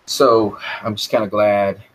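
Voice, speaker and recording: A man with a lowish voice hosts a casual live chat about films, replying to viewers as he goes. His delivery rambles and he repeats words while he searches for a thought. A faint hum of room noise sits under his voice. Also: steady tone, unhurried, fairly bright tone, low-quality recording. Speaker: live stream host answering chat.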